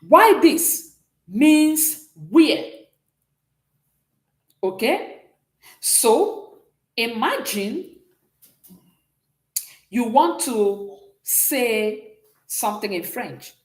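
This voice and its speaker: A woman teaches a beginners' French lesson, her voice rising and falling as she explains each point. She pauses often to ask whether the students follow. The recording has the echo of a bare room. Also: fairly high pitch, very animated. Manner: explanatory, checks understanding often. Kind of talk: classroom lesson.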